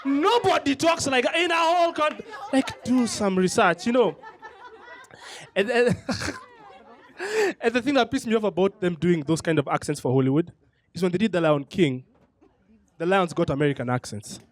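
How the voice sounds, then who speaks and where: A man working a comedy club stage with a mocking, playful stand-up set. His voice sits high for a man and teases through every line. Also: normal speed, long pauses. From Kenya. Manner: mocking, slips into put-on accents.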